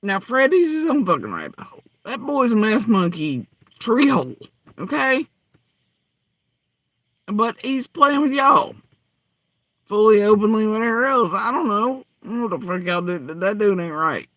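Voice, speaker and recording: A man's voice: high-pitched, sing-song, moderate pace, fairly bright tone, dry recording. A man ranting angrily and profanely in reaction to clips, mocking and heated. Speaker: commentary host. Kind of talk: angry reaction rant.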